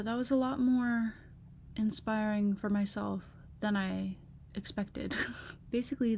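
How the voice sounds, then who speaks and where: A woman's voice: mid-range voice, darkish tone, slight background noise. A young woman vlogging in casual chat, talking through her laptop webcam, chatty and gushing with lots of fillers.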